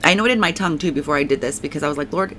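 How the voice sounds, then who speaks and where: A woman's voice: sits low, very fast, a bit bright, a little hiss or hum. A woman giving a casual spoken faith testimony, rambling and emphatic, leaning on "like" and repeating herself, and now and then thanking God aloud. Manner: prays aloud.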